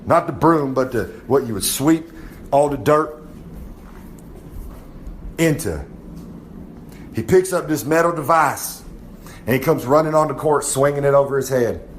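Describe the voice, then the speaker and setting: Swaggering wrestler bragging. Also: male voice, mid-range voice, measured pace, long pauses, a little hiss or hum. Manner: swaggering, rambling, drawling brag. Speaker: wrestler giving a comic segment. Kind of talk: boastful in-character monologue.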